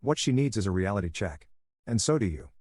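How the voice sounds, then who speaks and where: Brief: man voicing a firm, angry dad, low voice, dry close sound. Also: animated, brisk, slightly rough, no echo. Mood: stern, angry. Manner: presses with sharp questions. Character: stern middle-aged father, angry and firm.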